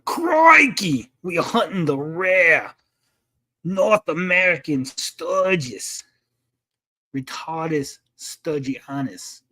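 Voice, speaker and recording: A man putting on the voice of an excited male wildlife-show host, exclaiming loudly and stretching his words slowly. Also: fairly high pitch, exaggerated voice.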